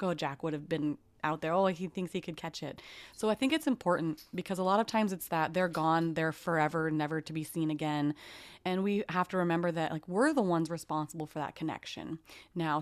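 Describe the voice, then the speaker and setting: A woman's voice: sits low, no room sound. A woman hosting a podcast interview, talking in a heartfelt, casual way with lots of "like" and restarts. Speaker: podcast host.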